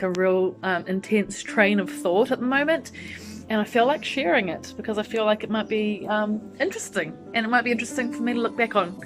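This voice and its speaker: A woman's voice: medium pitch, rough recording. A woman chatting casually to camera at home, thinking aloud and rambling with lots of ums. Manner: talks to her cat mid-story. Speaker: vlogger. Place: at home in her lounge. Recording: music playing behind.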